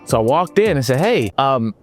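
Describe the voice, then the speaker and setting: A man's voice: mid-range voice, big pitch swings, normal speed, soft background music. A man from California, a motivational speaker telling a story to students in a casual, playful way, sometimes slipping into a sing-song delivery.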